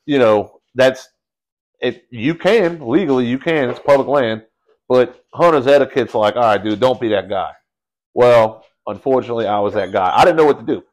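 A man telling a story in casual podcast chat, animated and slangy, calling people bro and dude. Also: mid-range voice, normal speed.

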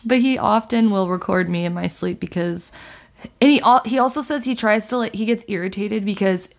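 A woman hosting a podcast, telling stories in a chatty, animated way full of "like" fillers. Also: medium pitch, brisk, creaky. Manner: chatty storyteller, lots of "like" fillers, animated retelling. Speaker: podcast host. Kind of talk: casual chat.

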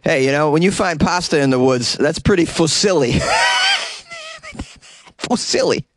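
A man putting on a loud, brash New Jersey guy with a put-on New Jersey accent, shouting high and stretching his vowels. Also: moderate pace, noisy background, close to an everyday voice. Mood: boisterous. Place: closet.

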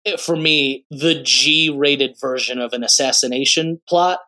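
A man's voice: medium pitch, fairly even intonation, measured pace, bright, forceful tone. A man in his late twenties co-hosting a podcast, chatting casually about a movie and acting out quotes in raised voices. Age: 20s. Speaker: podcast co-host.

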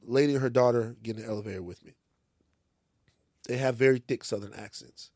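A man from Louisiana co-hosting a podcast, telling stories in an animated, profane, joking way. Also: medium pitch, fairly quick, dry recording, clean studio sound. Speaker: podcast co-host. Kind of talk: casual chat. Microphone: studio mic.

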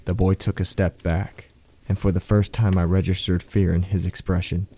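A man reading a first-person horror story aloud as a storyteller, in a slow, brooding way. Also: sits low, flat delivery, warm tone, breathy edge.

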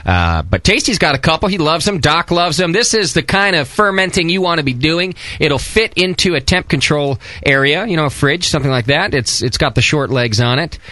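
A man's voice: on the high side, lively intonation, a little fast, few pauses, sharp tone, no echo. A man hosting a casual homebrewing podcast, joking and reading sponsor plugs. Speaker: podcast host. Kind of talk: casual chat.

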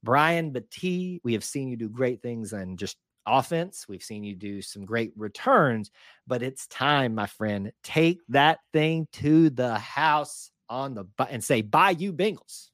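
A man's voice: mid-range voice, animated, a little slow, fairly bright tone, dry recording, clean studio sound. A man co-hosting a sports podcast, chatting casually with jokes and frequent restarts. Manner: jokey, hesitant restarts. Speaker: podcast co-host.

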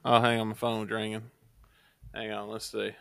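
A man's voice: on the low side, completely flat delivery, normal speed, vocal fry, a bit bright, smooth, dry recording. Man hosting a podcast, dry sound. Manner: joking, laughing, easygoing. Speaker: podcast host. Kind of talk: casual chat.

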